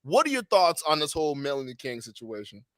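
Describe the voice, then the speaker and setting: A high-pitched man hosts a livestream in heated commentary. He rants loudly and profanely, often repeating words. His voice is dry and close to the mic. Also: very animated, fairly quick, no echo. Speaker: livestream host.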